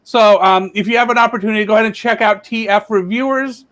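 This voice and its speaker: Man, high voice, panel host, video call, steady, organized. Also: quick pace. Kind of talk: livestream panel chat.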